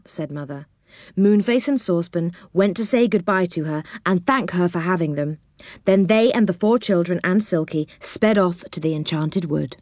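A woman's voice: fairly low pitch, moderate pace, darkish tone, dry recording, clean studio sound. Woman reading a children's storybook. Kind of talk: storybook narration.

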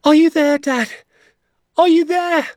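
A man voicing a frightened young boy who calls out and pleads for his father in a high, strained voice. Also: lively intonation, fairly quick, darkish tone, slightly rough, no echo, clean studio sound. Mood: desperate calling.

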